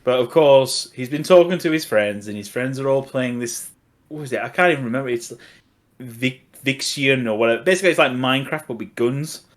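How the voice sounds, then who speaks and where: A man's voice: medium pitch, brisk. A middle-aged man with an Australian accent, co-hosting a casual podcast chat, rambling and laughing often. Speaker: podcast co-host.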